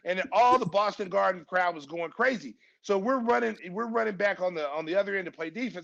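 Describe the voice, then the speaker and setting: A man in his fifties from Oklahoma, a former basketball player and podcast guest, telling stories in a casual, animated way and acting out the voices of people he quotes. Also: high-pitched, quick pace, gravelly, few pauses. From Oklahoma, USA. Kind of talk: casual storytelling. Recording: dull lo-fi podcast recording.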